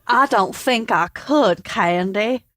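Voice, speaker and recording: A woman reading the part of an earnest married man in a flat, hesitant way, in a comic cold read. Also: fairly high pitch, slow, background noise.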